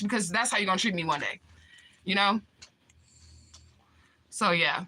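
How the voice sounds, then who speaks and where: A woman hosting a live stream who tells dating stories in a casual, profane and animated way and talks to her chat. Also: medium pitch, normal speed, long pauses. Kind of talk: casual storytelling vlog.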